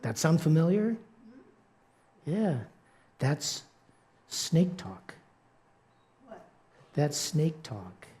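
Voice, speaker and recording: A man's voice: on the high side, very animated, very slow, long pauses, mellow. A male pastor giving a conversational sermon who often asks his listeners "right?". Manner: conversational, repeats catchphrases, asks the congregation "right?".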